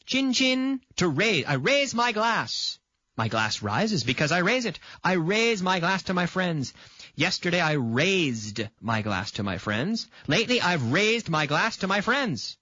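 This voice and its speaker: A man's voice: high-pitched, very animated, measured pace, sharp tone, dry recording, dull audio. A man from Canada teaching an English grammar lesson on video. He repeats example sentences and checks in with the viewer by asking "okay?".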